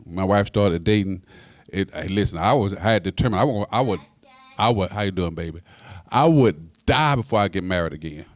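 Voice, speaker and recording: Animated preaching man in his sixties. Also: a little fast, no echo. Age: 60s. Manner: animated preaching, pitch climbing high on emphasis, stammered repeats; folksy, talks straight to the congregation. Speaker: pastor. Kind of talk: sermon.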